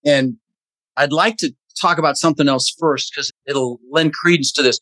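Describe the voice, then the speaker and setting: A man's voice: fairly high pitch, steady tone, normal speed, bright, forceful tone, dry recording. A man talking as an interview guest, emphatic and motivational, blunt and a little profane. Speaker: podcast guest, real estate investor. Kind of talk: energetic interview talk.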